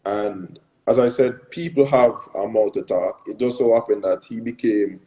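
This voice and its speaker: Young jamaican dude, kinda low voice, talking earnest in an interview. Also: male voice, moderate pace, dark tone, muffled recording. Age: young adult. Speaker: guest athlete. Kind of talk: casual interview answers.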